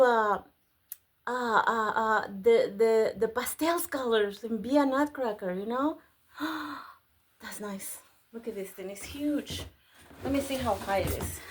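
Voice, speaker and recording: A woman whose first language is Spanish, excitedly chatting through a casual unboxing and gasping over each find. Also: fairly high pitch, slow pace. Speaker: vlogger unboxing a craft store grab box.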